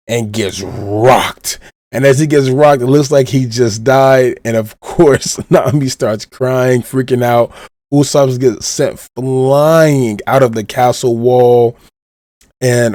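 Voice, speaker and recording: Man recapping in an animated way, dry sound. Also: medium pitch, no room sound. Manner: animated retelling, leans on "of course". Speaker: podcast host. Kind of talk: casual recap of a manga chapter.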